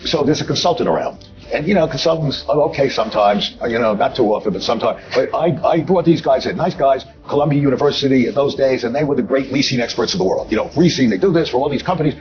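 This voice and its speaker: A man's voice: medium pitch, animated, quick pace, a little mellow, dull audio, faint music behind. An older man telling a business story bluntly, digressing and repeating himself with filler asides. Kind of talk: anecdotal storytelling.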